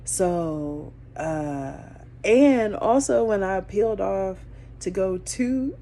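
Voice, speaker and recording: A woman hosting her own show, telling a story in a casual way, lively, with sudden high bursts when she acts out her panic and hushed asides. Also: extremely slow. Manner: animated, jumps into high excited voices when acting out her panic. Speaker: podcast host.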